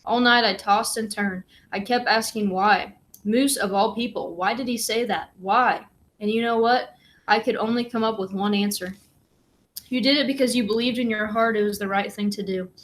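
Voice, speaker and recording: A woman reading the lines of a quiet, calm, tearful mother in a storybook. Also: mid-range voice, moderate pace, close to an everyday voice.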